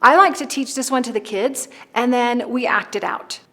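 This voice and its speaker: A woman music teacher explaining song tales and then telling an expressive story to a group of preschool children. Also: fairly high pitch, normal speed. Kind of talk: instructional narration and storytelling to preschoolers.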